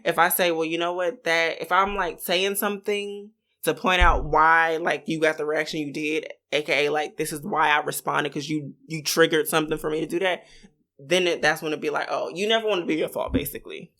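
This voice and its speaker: Gravelly, bright-voiced woman talking fast. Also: low voice, little pitch movement. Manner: candid, reenacts arguments in quoted dialogue. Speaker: podcast co-host. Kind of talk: casual chat.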